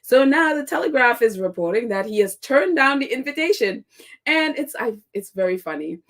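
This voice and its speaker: A woman's voice: on the high side, big pitch swings, normal speed. Chatty, sarcastic woman podcast host. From United States. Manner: chatty and sarcastic, laughs often, many fillers. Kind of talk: casual commentary.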